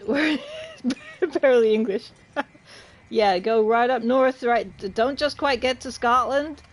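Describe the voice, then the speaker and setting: A woman's voice: fairly high pitch, slow pace. A woman from the UK chatting casually with her livestream chat while playing, laughing often. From United Kingdom. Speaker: game streamer.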